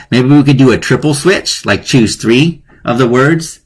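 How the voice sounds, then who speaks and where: A man's voice: mid-range voice, unhurried, breathy edge. A man hosting a live-streamed lesson on wordplay, chatty and playful, often laughing at his own jokes. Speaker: teacher hosting a live online class.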